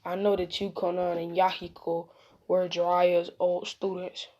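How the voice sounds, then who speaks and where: A woman's voice: fairly low pitch, level tone, measured pace, dark tone. A woman voicing a sincere young male ninja hero in a plainly read fan story, polite and earnest.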